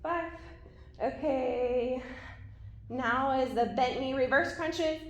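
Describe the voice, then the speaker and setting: A woman's voice: high voice, takes it slowly, gravelly, reverberant, soft background music. A woman leading an ab workout, talking through each move while doing it and sometimes out of breath. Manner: encouraging, talks through exercises while doing them. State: out of breath at times. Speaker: fitness instructor. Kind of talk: workout instruction.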